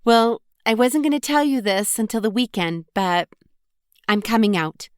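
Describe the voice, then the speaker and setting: A woman's voice: on the high side, expressive, moderate pace, clean tone, dry recording, clean studio sound, pitched above the performer's own voice, lightly acted. A woman reading an audiobook, voicing a chatty, blunt young college woman who talks in casual slang and teases her friend. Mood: lively. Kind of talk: audiobook character voice.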